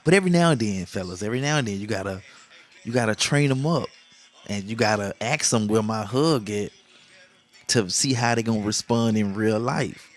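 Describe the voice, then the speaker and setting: A man's voice: lowish voice, normal speed. A middle-aged man hosts a casual monologue, joking, laughing often and acting out the lines he quotes. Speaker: podcast host.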